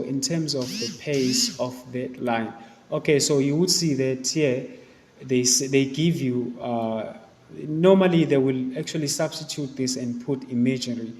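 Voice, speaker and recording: A man's voice: mid-range voice, a little slow, darkish tone, slight background noise. Man teaching with a long reverb. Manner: explanatory, talks students through questions with many fillers. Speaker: English teacher. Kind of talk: exam review lesson.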